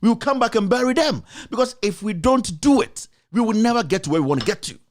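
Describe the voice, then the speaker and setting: A man's voice: high-pitched, animated, fast. A man with a Ghanaian accent giving passionate political commentary as a talk show host, answering his critics directly with repeated rhetorical questions. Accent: Ghanaian English.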